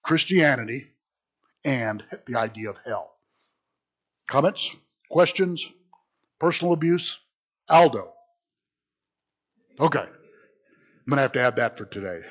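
Husky man teaching a chatty Bible class. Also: mid-range voice, lively intonation, slow, pauses often. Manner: chatty and self-mocking, laughs at his own jokes. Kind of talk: informal Bible lesson to a class.

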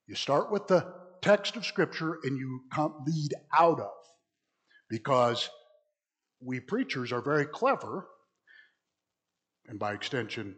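A man's voice: mid-range voice, fairly bright tone. A man preaching in an interactive Bible class, talking conversationally, asking the audience questions and often restarting his sentences. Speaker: preacher teaching a church class.

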